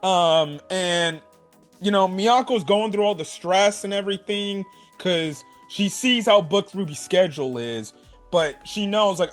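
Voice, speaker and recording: A man giving a casual anime review, animated, emphatic, and profane. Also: high voice, a little slow, soft background music.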